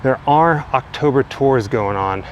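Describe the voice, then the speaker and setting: A man's voice: medium pitch, unhurried. A man guiding viewers on foot through an old cemetery, chatty and enthusiastic, recorded outdoors on a camera mic. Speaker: travel vlogger. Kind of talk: walking tour vlog narration. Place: outdoors in a cemetery by a busy road. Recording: outdoor street noise, passing traffic. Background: faint cars and trucks.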